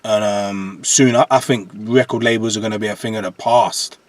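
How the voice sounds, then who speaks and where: On a dry recording, a fairly low-pitched male voice speaks at normal speed. He's a jungle MC in his forties, guesting on a podcast, an animated storyteller who often checks in with "do you understand."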